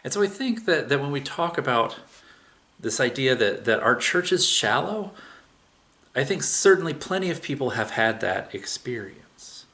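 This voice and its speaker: A man's voice: mid-range voice, sing-song, normal speed, sharp tone. A man preaching a sermon, retelling a scripture story in a casual, conversational way with everyday asides. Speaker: pastor.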